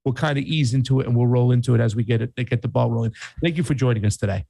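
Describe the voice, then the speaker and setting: A man's voice: mid-range voice, very fast, gravelly, mellow. A man with a New York Italian accent co-hosting a casual political talk show, chatty and playful. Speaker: podcast co-host.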